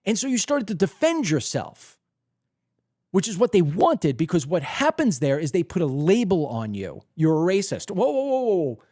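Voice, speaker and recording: A man's voice: high-pitched, huge pitch swings, moderate pace, mellow, no room sound, studio quality. A man hosting a political commentary show, delivering a heated, emphatic monologue from his desk at home. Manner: emphatic, heated, acts out other people's reactions. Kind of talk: opinionated monologue.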